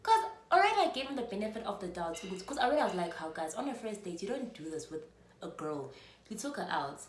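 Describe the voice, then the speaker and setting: A woman's voice: medium pitch, very animated, fast. A South African woman in her twenties telling a storytime vlog, chatty and full of fillers. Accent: South African, mixing in Zulu. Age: 20s. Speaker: vlogger. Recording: roomy echo, faint room noise.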